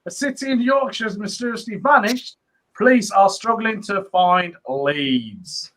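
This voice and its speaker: A British man reading audience puns aloud on a comedy stream, clearly relishing them. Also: sits high, animated, a little slow, a bit bright. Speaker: reader of audience jokes.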